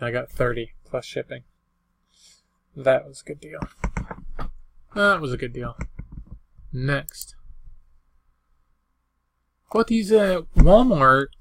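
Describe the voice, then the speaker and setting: A man's voice: mid-range voice, a bit bright, no echo. An older man casually rambling through the items he resold, listing what he paid and what each sold for in a folksy way. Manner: rambling, folksy, lists prices and dates. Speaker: eBay reseller. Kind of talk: casual show-and-tell vlog.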